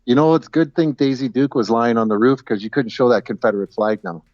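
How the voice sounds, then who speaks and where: A man's voice: mid-range voice, darkish tone, dry recording. A man chats casually as a guest over a call, stumbling and repeating words as he goes. His audio sounds dull and muffled, and completely dry with no room sound. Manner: halting, repeats words, chuckles at own jokes. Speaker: guest caller. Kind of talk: casual chat. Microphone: video call.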